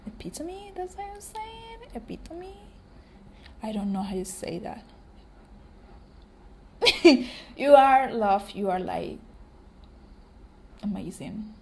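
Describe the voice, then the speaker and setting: A young woman hosting a casual solo podcast, her voice hoarse and cracking, rambling with frequent ums and offering warm affirmations to listeners. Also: medium pitch, very animated, slow pace, long pauses. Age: young adult. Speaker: podcast host.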